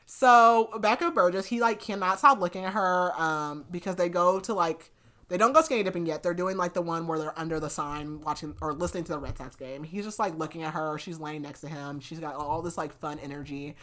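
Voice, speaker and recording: A woman's voice: deep voice, fairly quick, a bit bright. A young woman casually recapping a romance novel for a podcast, chatty and full of fillers like "like". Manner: chatty, filler-heavy retelling with lots of "like". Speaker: book review podcast host.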